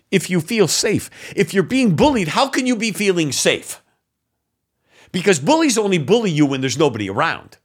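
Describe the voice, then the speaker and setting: Sarcastic man with a lively, swooping voice. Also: on the high side, husky. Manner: sarcastic and mocking, scoffing laughs; indignant, exasperated. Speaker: political commentary host. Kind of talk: opinion commentary.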